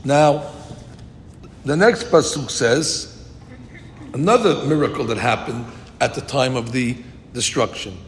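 A man's voice: unhurried, pauses often. A man teaching a Talmud class, telling stories and lifting his voice to quote Hebrew verses. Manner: lively storyteller, rises to quote Hebrew verses. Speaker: Torah teacher. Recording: long reverb with faint rumble.

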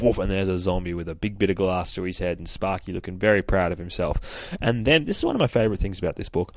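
A man hosting a podcast, casually recapping a comic book in an animated, profane way and laughing at himself. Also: medium pitch, no room sound. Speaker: podcast host.

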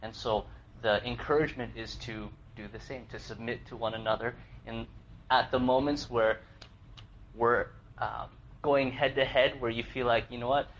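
Young male pastor, mid-pitched, chatty and self-deprecating, sermon on a faint noise bed. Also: fairly even intonation, normal speed, a bit bright, lo-fi sound. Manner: conversational, laughs often, many fillers and restarts. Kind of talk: casual sermon with personal story.

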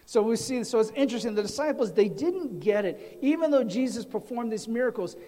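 A man, a pastor, teaching a sermon in a deliberate way, his voice trailing off quietly at the ends of phrases, in a church sanctuary. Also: very high voice, expressive. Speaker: pastor teaching a Bible study. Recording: long reverb of a large hall.

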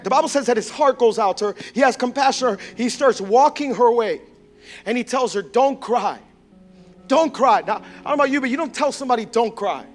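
A male pastor giving a sermon, swinging between impassioned shouts and hushed, intimate tones. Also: very high voice.

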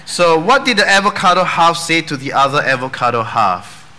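A man's voice: a little high, lively intonation, normal speed, pushed and bright. A man preaching a sermon in a casual, joking way, tossing in dad jokes and asking rhetorical questions. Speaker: pastor.

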